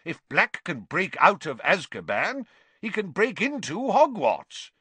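A worried, insistent middle-aged father, as a man reading a storybook aloud puts him on, pressing each point urgently and emphatically. His voice is bright and husky, leaping up and down in pitch, recorded close and dry. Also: wildly swooping pitch, a little slow, no room sound, heavily acted. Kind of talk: audiobook reading.

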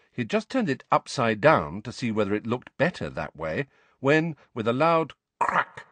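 A man narrates a storybook in a lowish voice, telling it with animated, expressive storytelling. His pitch rises and falls a great deal. The recording is dry and close, with no room sound. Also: no echo. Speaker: audiobook narrator. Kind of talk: scripted narration.

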